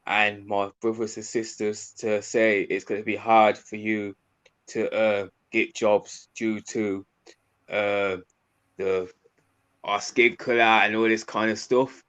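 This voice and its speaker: A man with a Birmingham accent answering interview questions in a soft, hesitant way, with many pauses and fillers. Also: on the low side. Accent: Midlands English, Birmingham. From English Midlands. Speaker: interview guest, youth mentor.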